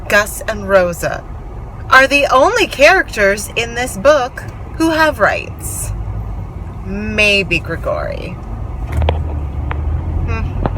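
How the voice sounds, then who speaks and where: A woman's voice: sits high, sharp tone, low-quality recording. A young woman chatting casually and gushing about her books in a vlog, recorded in a car. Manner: chatty, gushing, self-mocking. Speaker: book vlogger. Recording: car noise behind. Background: car road noise.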